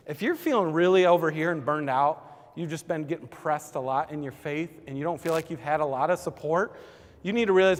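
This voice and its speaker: A man with a fairly high voice gives a relaxed, chatty teaching talk to a church team, peppering his points with "like" and "kinda." His voice rings with a long reverb, as if recorded in a big hall. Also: brisk. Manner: conversational, lots of "like" and "kinda".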